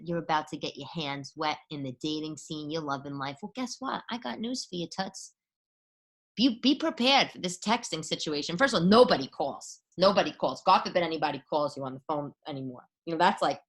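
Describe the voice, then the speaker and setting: A woman's voice: lowish voice, sharp tone. A chatty woman hosts a casual monologue podcast. She talks in a sarcastic way and often breaks into mocking put-on voices as she acts out texts. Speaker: podcast host.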